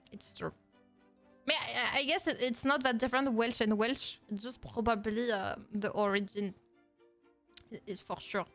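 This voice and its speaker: French woman streamer, young, high-pitched, playful and mock-outraged, quick to laugh, faint music underneath. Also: a bit bright. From France. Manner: playful, mock-indignant, laughs often, broken English phrasing. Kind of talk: casual react-stream chat.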